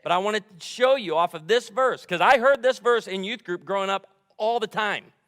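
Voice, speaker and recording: Fired-up preacher man, bright and echoing. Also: high-pitched, normal speed. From United States. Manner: animated, fired-up storytelling with humor. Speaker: pastor. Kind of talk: sermon. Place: large church sanctuary. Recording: long hall reverb.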